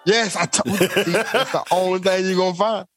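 A man co-hosting a comedy podcast, insisting on a made-up conspiracy in a mock-serious, insistent way and spelling names out slowly. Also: high voice, steady tone, a bit bright, faint music behind. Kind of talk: casual comedic banter.

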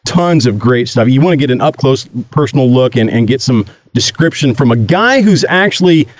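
A man's voice: medium pitch, lively intonation, moderate pace, dry recording, highs cut off. A man hosting a podcast in casual chat, rambling with many fillers and restarts. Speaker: podcast host.

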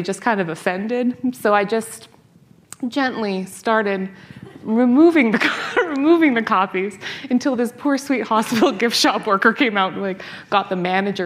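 A woman in her thirties from North America, a scholar and author telling stories in an interview, animated, laughing and restarting her sentences often. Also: medium pitch. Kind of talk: conversational interview.

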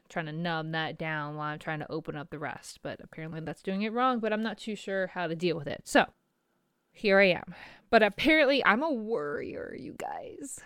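A middle-aged woman talks to camera in a candid, rambling vlog, emotional and self-deprecating. Her voice sits a little low and sounds smooth and clear. The room is dry, with little echo. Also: a bit bright. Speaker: small business owner. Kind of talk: candid personal vlog monologue.

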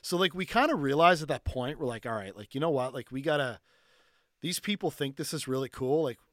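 A man tells a long story in loose, animated talk, leaning hard on fillers and swearing now and then. His voice sits at an ordinary middle pitch. The sound is dry and close, with no room around it. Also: a little fast, no room sound. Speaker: podcast guest. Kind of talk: casual storytelling.

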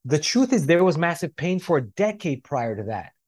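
A man speaking as a life coach on a podcast, emphatic and repetitive, slowing down to stress his key points. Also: on the high side, sing-song, a little mellow. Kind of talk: motivational podcast talk.

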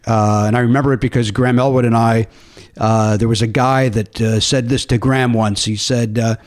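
A man's voice: mid-range voice, fairly even intonation, fairly quick. A middle-aged man in casual conversation, rambling through stories with many fillers and restarts. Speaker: podcast co-host. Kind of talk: casual chat.

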